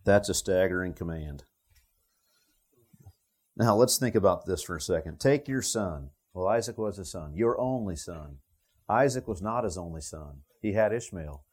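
At a moderate pace and in a low voice, a man delivers an expository sermon on the Bible. His manner is conversational, as though he's working through the text aloud alongside the people listening.

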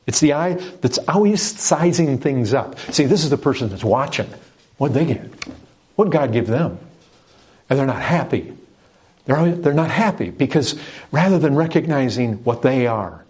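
A man's voice: mid-range voice, a little mellow, husky. A middle-aged man preaching a sermon as pastor, emphatic and repetitive, asking rhetorical questions.

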